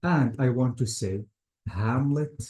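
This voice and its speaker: A man's voice: medium pitch, animated, slow, dark tone. A man teaching an English grammar lecture to a class, often repeating words and calling students "guys". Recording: roomy classroom echo.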